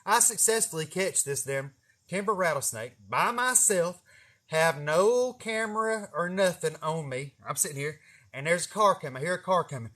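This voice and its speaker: A young man, telling a rambling story with lots of cursing and laughing at himself. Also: on the high side. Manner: animated, profane, laughing at himself. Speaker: vlogger. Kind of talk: casual storytelling.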